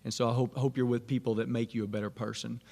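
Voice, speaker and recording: A man's voice: mid-range voice, little pitch movement, fast, vocal fry, darkish tone. A man, casually telling a self-deprecating personal story to students. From Arkansas. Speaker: speaker at a Catholic student event. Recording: long hall reverb.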